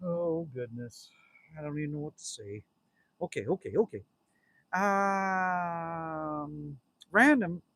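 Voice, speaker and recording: Slightly high and a bit bright, this man's voice has lively intonation, a slow pace and frequent pauses. He's a Canadian in his fifties hosting a casual livestream outdoors at his cabin, where he rambles, jokes and reads viewer comments while talking straight to his audience.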